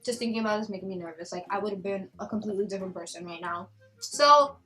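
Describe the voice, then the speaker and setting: Chatty young woman with bright voice. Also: mid-range voice, racing, soft background music, low-quality recording. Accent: slight Spanish. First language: Spanish. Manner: chatty, animated, quoting others in raised voice. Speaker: vlogger. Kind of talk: casual storytime chat.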